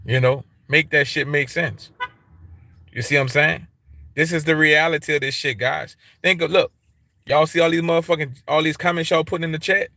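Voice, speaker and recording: Man, African American English accent, livestream rant, slightly high, bright tense voice, repetitive, profane. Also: steady tone, fairly quick, creaky, no echo. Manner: repetitive, emphatic, heavy swearing, street slang. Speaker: YouTube livestream host.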